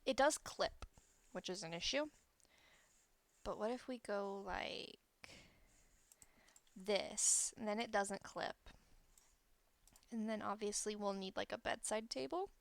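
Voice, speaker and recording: A woman streamer talks through her build in a casual, chatty way, often changing her mind mid-sentence. Her voice carries a gravelly fry, sitting right up against a close microphone in a dry, dead-sounding space. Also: mid-range voice, slow, pauses often, no room sound. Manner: chatty, thinking aloud while building, self-correcting. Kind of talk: casual gameplay commentary.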